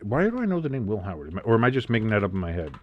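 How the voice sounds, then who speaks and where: A man's voice: lowish voice, very animated, very fast, highs cut off. A man hosting a live football watch-along, calling plays and chatting casually with viewers, swearing freely. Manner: casual and profane, reads the chat. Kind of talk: live game commentary and chat.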